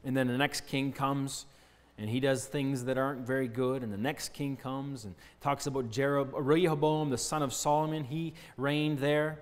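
A man's voice: medium pitch, fairly even intonation, moderate pace. A man teaching children a Bible lesson in an earnest, explaining way, often asking them questions. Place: church hall. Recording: long church-hall reverb.

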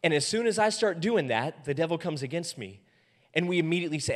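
A man preaching as pastor in a church, animated and acting out quoted voices, often soft and then loud. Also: a little high, fast. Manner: animated, acts out quoted voices with big swings in loudness. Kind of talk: sermon. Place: church auditorium. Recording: long hall reverb.

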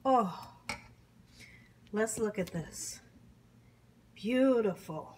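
A woman's voice: on the high side, animated, slow, long pauses, slight background noise. A middle-aged woman filming a casual food-tasting vlog, savoring each bite with hums, whoops and grateful exclamations. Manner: warm churchy exclamations and blessings. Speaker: cooking vlogger.

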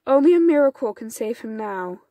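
A grieving village mother, urgent and pleading, in a raised, high voice, as a woman reads her aloud. The sound is close and dry. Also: lively intonation, brisk, dark tone, dry recording, close to an everyday voice. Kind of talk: storybook reading.

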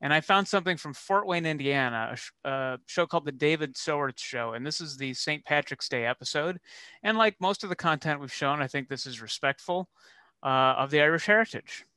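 A man co-hosting a loose comedy talk show with a wry, deadpan delivery. His voice is bright and crisp, pitched a touch high. The mic is close and the sound is dry. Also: a little fast, no room sound. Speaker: co-host. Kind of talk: casual podcast chat.

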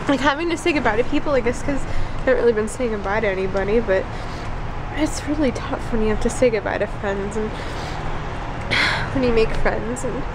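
High-voiced chatty young woman. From Florida. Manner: chatty, emotional, laughs often. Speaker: vlogger. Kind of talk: casual vlog chat. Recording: noisy phone-camera audio.

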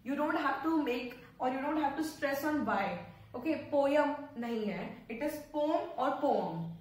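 A woman's voice: high voice, expressive, darkish tone. Woman teaching, echoey and distant. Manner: repeats words slowly, mixes Hindi explanations. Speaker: English teacher, channel host. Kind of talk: pronunciation lesson. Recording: very echoey room, far from mic.

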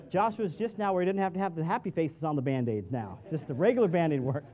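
A middle-aged pastor with a notably high voice preaches a sermon in a church sanctuary, speaking fast and sing-song with hardly any pauses. He addresses the congregation like a friend, slipping into quiet asides before rising to loud, emphatic peaks. Slight background noise is audible.

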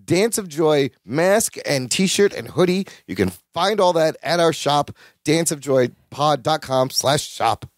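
A man with a somewhat raised voice recaps a sitcom episode for his podcast, animated and quick to act out the characters' lines. The sound is dry and close to the mic. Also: a little high, no echo. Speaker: podcast co-host. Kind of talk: casual chat recapping a sitcom.

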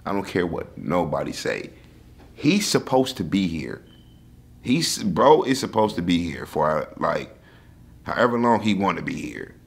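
A man hosting a podcast in casual chat, blunt and quick to laugh as he reacts to his guest. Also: low voice, sing-song, vocal fry, husky. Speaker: podcast host.

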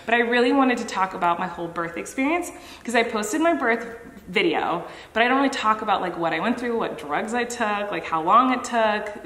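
Young woman host, bright and chatty, casual storyteller, recorded in an echoey room with a reverb tail. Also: medium pitch, a little fast. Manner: chatty, animated storytelling with many "like"s. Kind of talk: casual chat while eating.

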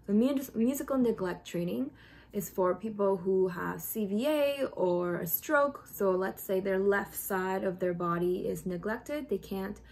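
A young woman explains music therapy techniques in a casual, friendly tutorial manner. Her voice sits at a middle pitch with a noticeable gravelly fry. She fills pauses with ums as she goes. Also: a little mellow. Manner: chatty, frequent ums, sings short demo phrases.

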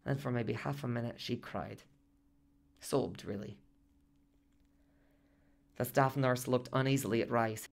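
A man's voice: mid-range voice, steady tone, unhurried, gravelly, pauses often. A man narrating a radio drama monologue as its main character, reflective and self-reproaching.

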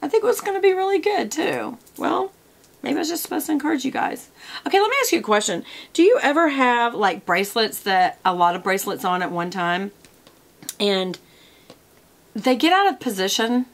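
A woman's voice: fairly high pitch, expressive, fairly quick, creaky. A woman, talking casually to camera from her desk as a product vlogger, chatty and wandering off on tangents.

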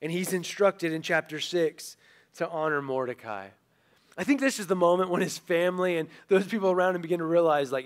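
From the pulpit, a male pastor with a fairly high voice tells a story at normal speed, animated and casual. His sermon rolls along in storytelling mode as he acts out the voices of the characters he quotes.

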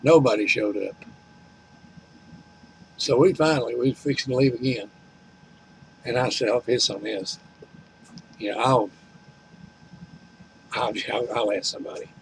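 A man's voice: medium pitch, unhurried, creaky, long pauses, a little hiss or hum, low-quality recording. An older man, telling a rambling, complaining story at home and retelling conversations in a folksy way. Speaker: vlogger.

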